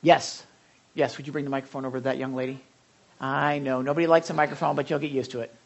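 A male pastor giving a casual, story-driven sermon at a middle pitch. He rambles through anecdotes, restarting sentences and leaning on fillers as he goes. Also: little pitch movement, quick pace, creaky, dull audio. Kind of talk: conversational sermon.

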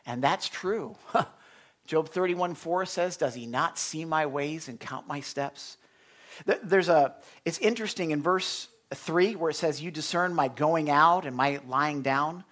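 Pastor, male, expressive sermon delivery, drops to near-whispers, questions the room, repeats words. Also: on the high side, measured pace. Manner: expressive, swings from loud emphasis to hushed near-whisper; asks the congregation questions, repeats and restarts words.

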